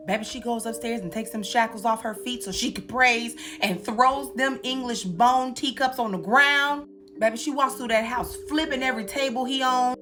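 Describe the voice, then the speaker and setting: Woman, young adult, sassy comedic commentary, lively higher voice, background music. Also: moderate pace. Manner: sassy, animated, acts out quotes in voices. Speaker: commentary host. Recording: music playing underneath.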